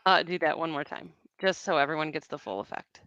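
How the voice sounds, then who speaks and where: A woman's voice: low voice, steady tone, fairly quick, a bit bright, no room sound, dull audio. A woman co-hosting a casual live chat, teasing her partner and laughing easily. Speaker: co-host.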